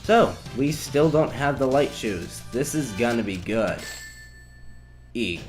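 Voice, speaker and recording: Over a video game playthrough, a young let's play commentator rambles along with wry, sarcastic asides. His mid-range voice is animated but slow. Game music plays behind him.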